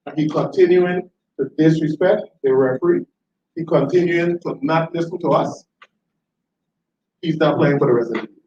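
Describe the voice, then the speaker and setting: A man telling animated, laughing anecdotes in a tribute speech. He often repeats himself as he talks. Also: a little high, normal speed, a little hiss or hum. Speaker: tribute speaker, former school educator. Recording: roomy, distant, dull hall recording.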